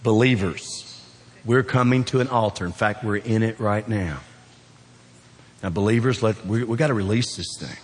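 A man with a Southern Kentucky drawl preaching a sermon in a church, folksy and joking, swinging from loud emphatic peaks down to quiet, low appeals. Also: normal speed. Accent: Southern US, South Central Kentucky. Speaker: pastor. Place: church sanctuary. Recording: long hall reverb.

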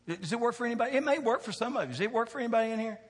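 A man preaching a sermon, talking with the crowd in a chatty way, asking questions, going from quiet to loud. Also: extremely high pitch, lively intonation, rapid-fire, breathy edge. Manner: conversational preaching, asks the crowd questions, swings from soft to shouting. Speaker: pastor. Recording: long hall reverb.

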